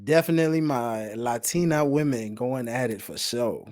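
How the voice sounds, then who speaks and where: A man co-hosting a casual podcast who talks animatedly and breaks into high, whooping reactions. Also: normal speed, a little mellow, no echo, clean studio sound. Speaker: podcast co-host. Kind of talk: casual chat.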